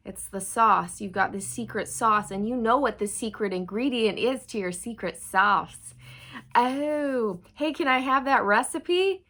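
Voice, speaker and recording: Chatty woman giving a tarot reading. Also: mid-range voice. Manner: chatty, animated, addresses viewers as "you guys". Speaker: tarot reader. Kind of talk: channeled tarot reading to camera.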